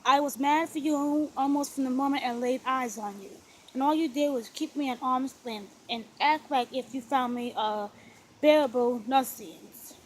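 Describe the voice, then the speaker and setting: A woman reading aloud, voicing a lovestruck gentleman husband in a soft, murmuring, lowered voice for a storybook. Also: normal speed, a little hiss or hum, low-quality recording. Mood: tender.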